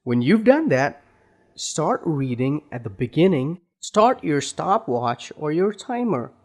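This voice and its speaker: Male accent trainer, unhurried instructional delivery, animated slightly high pitch. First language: Indian. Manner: slow, deliberate, drawn-out explanations. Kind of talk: instructional lesson.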